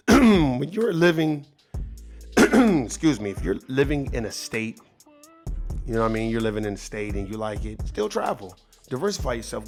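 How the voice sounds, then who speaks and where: A man giving advice in a casual monologue, earnest and preachy, swearing freely and often repeating or restarting his words. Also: mid-range voice. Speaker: vlogger.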